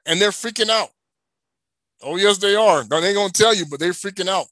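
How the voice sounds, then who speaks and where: A man's voice: sits high, brisk, a bit bright, no room sound. A man preaching, emphatic, asking rhetorical questions and answering them himself. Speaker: religious teacher. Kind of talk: preaching to an online audience.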